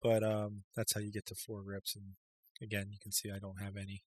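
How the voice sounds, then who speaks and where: A man's voice: lowish voice, completely flat delivery, fairly quick, darkish tone. A man giving a casual, rambling video game tutorial voice-over, full of ums and uhs. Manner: rambling, filler-heavy, with many ums and uhs. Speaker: game guide creator.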